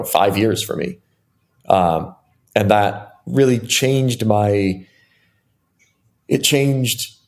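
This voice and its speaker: A middle-aged man with a fairly low voice, telling stories as an interview guest. He talks in a loose, animated way, circling back with fillers and restarts as he goes. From United States. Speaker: interview guest, software engineer. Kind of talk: casual storytelling interview.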